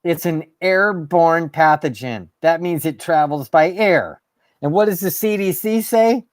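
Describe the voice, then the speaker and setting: A man's voice: on the high side, a little slow, no room sound, studio quality. A man hosting his own show, ranting in a fired-up, sarcastic way and swearing. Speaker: host. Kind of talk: ranting monologue.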